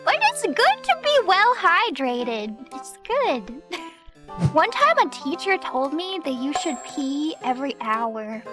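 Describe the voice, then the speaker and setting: A woman's voice: sits high, very animated, takes it slowly, over music. A young woman streamer telling stories in casual chat, giggling often as she talks. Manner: giggly, laughs often while talking.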